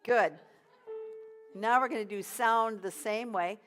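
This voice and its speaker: A woman leading a choir rehearsal as vocal coach, giving encouraging instructions between high sung drills. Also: slow, fairly bright tone, faint music behind.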